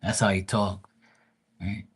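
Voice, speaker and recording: Low-voiced man rambling through grief. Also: level tone, slow, breathy edge. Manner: rambling, profane, restarts often. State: grieving. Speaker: tarot reader streamer. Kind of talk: casual livestream talk.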